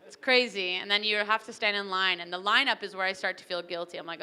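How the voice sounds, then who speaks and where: A young woman doing an animated, chatty stand-up comedy set at a wedding reception, acting out little characters. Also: medium pitch, fast, few pauses, smooth.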